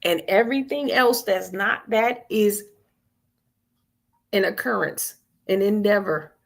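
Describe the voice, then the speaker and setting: A woman running a weekly live-stream spiritual vigil speaks slowly in a mid-range voice with vocal fry. Colloquial and earnest, she repeats phrases and encourages listeners to answer.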